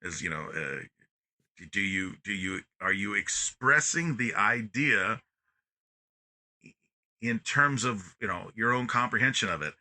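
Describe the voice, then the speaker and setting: A man talking as a podcast guest in casual conversation, very expressive, constantly stressing and softening words. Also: lowish voice, unhurried, pauses often. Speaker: podcast guest, music educator.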